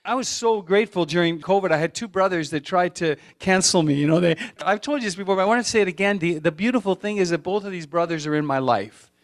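A man's voice: sits high, fast talker. A middle-aged man pastor preaching a sermon in a conversational, storytelling way, wandering off into side stories.

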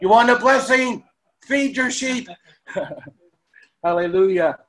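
High-voiced man preaching with fervor. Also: slow pace, fairly bright tone. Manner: fervent preaching with repeated praise calls. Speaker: pastor. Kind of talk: sermon.

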